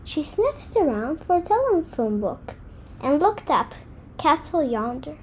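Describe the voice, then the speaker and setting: Storybook reader, woman: high, lively pitch, unhurried pacing. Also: slight background noise. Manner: expressive, deliberate read-aloud. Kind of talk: reading a children's book aloud.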